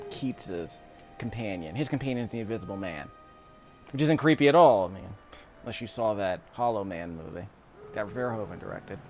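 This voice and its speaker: A man giving casual, rambling commentary while playing a video game, chuckling often between remarks. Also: mid-range voice. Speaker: YouTube gameplay commentator. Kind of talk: casual let's-play commentary.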